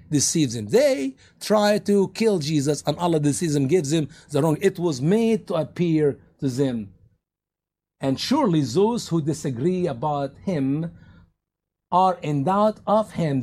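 Animated male preacher with a lively, high voice. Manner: animated storytelling, acts out scenes, rhetorical questions. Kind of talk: sermon.

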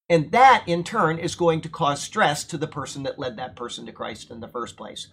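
A preacher with a voice on the high side, fairly bright and slightly breathy, teaches a sermon verse by verse from the Bible. He explains scripture conversationally and emphatically, checking in with his listeners as he goes.

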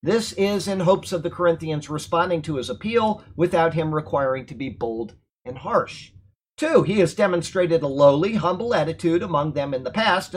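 Husky man teaching a Bible study. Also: a little high. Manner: explains verse by verse, reading then commenting.

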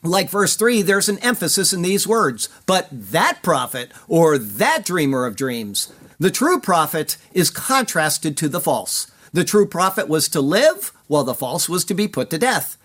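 A man giving scripted Bible commentary in an earnest, measured way, stressing key words. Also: high voice, lively intonation, a bit bright. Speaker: preacher.

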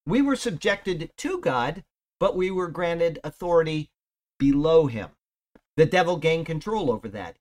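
A man teaching a casual verse-by-verse Bible study in a chatty, folksy way, stressing key words emphatically. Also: a little high.

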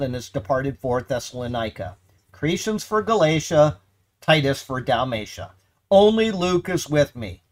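A medium-pitched man goes verse by verse through a Bible letter, hesitating and fixing his wording before emphatically pressing each point.

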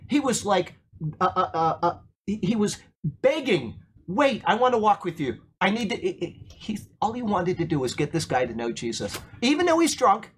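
A man's voice: high-pitched, a little hiss or hum. A man preaching an informal sermon, telling a story and asking the congregation questions. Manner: storytelling, asks the room questions, repeats words when excited. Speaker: pastor.

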